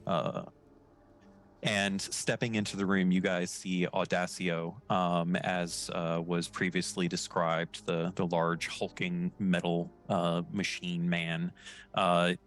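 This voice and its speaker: A man's voice: low-pitched, level tone, slow pace, fairly bright tone. A man narrating as game master, casual and hesitant with many fillers.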